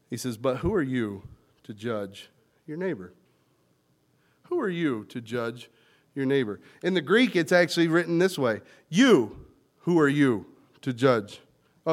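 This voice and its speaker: High-voiced man preaching emphatically. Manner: lively preaching with emphatic swings in loudness; teaching word meanings and quoting scripture. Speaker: pastor. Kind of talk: sermon.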